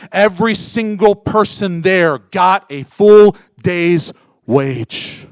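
A male pastor preaching a sermon, acting out voices and swinging from loud bursts to hushed lines. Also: sits high, slow pace, dry recording. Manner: animated, acts out voices of workers.

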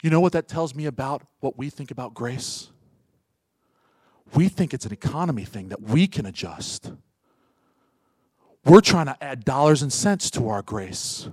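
Speaking at a medium pitch with no echo around him, a man delivers a sermon as pastor. He peppers the congregation with rhetorical questions, his volume shifting between urgent outbursts and quiet asides.

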